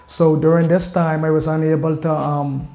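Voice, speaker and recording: A young man tells his own story step by step, pausing for fillers and giving detailed street directions. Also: a little high, level tone, mellow. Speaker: interviewee. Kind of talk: personal storytelling. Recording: echoey room with faint music behind.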